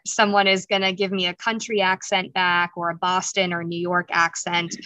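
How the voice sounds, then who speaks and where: A woman interviewer with a bright, forceful tone asks long, curious questions. She winds into each one with "you know". The recording is dry and close. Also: medium pitch, no room sound, low-quality recording. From Wisconsin.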